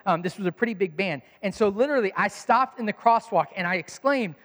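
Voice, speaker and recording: A man's voice: high-pitched, fast talker, long reverb tail. A man preaching a sermon as pastor, telling stories and acting out quotes. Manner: animated storytelling, acts out quotes.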